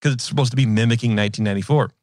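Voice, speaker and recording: Man, podcast host, casual rambling chat, mid pitch, dry close sound. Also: racing, no room sound. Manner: rambling, animated storytelling with many fillers.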